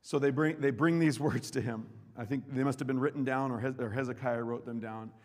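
A man preaching a sermon with passion, swinging between loud declarations and hushed asides. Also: mid-range voice, fairly even intonation, a little fast. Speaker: pastor. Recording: long reverb hall.

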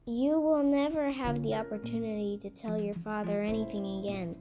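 A woman reading a menacing male fortune-teller's lines, mocking and halting, over guitar music. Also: fairly high pitch, fairly even intonation, natural voice.

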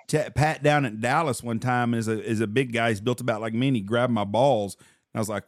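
A man's voice: medium pitch, fairly even intonation, brisk, dry recording, studio quality. A man co-hosting a casual podcast, telling stories bluntly with heavy swearing. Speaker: podcast co-host. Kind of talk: casual chat.

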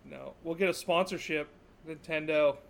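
Man with a raised, gravelly voice, laid-back podcast co-host, faint background noise. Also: a little high, fairly even intonation, moderate pace. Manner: short laid-back replies, teasing. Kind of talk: casual chat.

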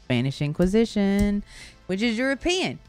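A woman co-hosting a casual comedy talk show, deadpan and irreverent, swearing often. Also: mid-range voice, normal speed, clean tone, no echo, soft background music. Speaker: co-host.

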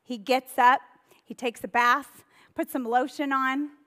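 A woman pastor preaches with a fairly high voice, telling Bible stories in a casual, conversational way. Her words trail off into the long reverb of a church hall. She brings the stories to life with animated retellings. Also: a little slow. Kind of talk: sermon.

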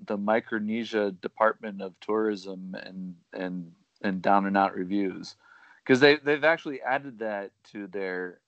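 A man's voice: on the low side, no room sound, dull audio. A man co-hosting a podcast, joking and playfully insistent in casual chat. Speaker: podcast co-host.

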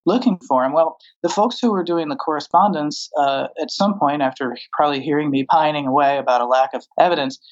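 A man's voice: on the high side, fairly quick, hardly any pauses, dull audio. A man from the American South, interviewed as a scholar, speaking in a wry, thoughtful way with many restarts and fillers. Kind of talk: conversational interview.

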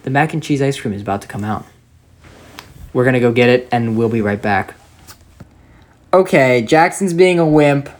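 A man's voice: mid-range voice, expressive, moderate pace, long pauses. Young man, opinionated podcast chatter. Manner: opinionated, rambling with many fillers. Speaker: podcast co-host. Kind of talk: casual chat.

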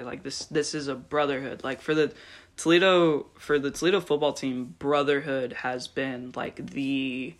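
A man's voice: medium pitch, steady tone, moderate pace. A young man hosting a casual interview podcast, rambling with many filler words as he asks questions. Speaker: podcast host.

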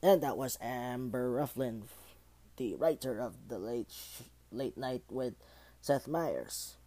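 A man hosting a casual homemade news roundup, halting and rambling, with many fillers and restarts. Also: medium pitch, dark tone. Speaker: host of a homemade news show.

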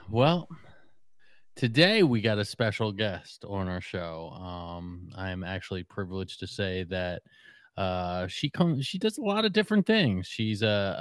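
A man co-hosting a podcast, chatting casually and introducing a guest, quick to laugh. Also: fairly low pitch, lively intonation, clear, resonant tone, no echo, studio quality. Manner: easygoing, quick to laugh and agree. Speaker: podcast co-host.

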